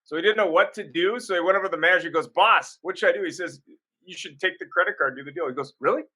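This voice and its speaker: A man telling a short funny story in a lively, casual way. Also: high-pitched, racing.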